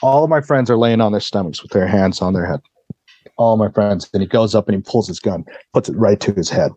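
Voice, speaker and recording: Husky low-voiced man telling a story. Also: fairly quick, mellow, dry recording, low-quality recording. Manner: vivid retelling, swears freely, acts out the voices of others. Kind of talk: casual storytelling.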